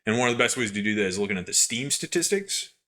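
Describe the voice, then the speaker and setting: A young man co-hosting a podcast who tells gaming stories in a rambling, animated way with lots of fillers. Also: fairly low pitch, fast. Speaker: podcast co-host. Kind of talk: casual chat, storytelling.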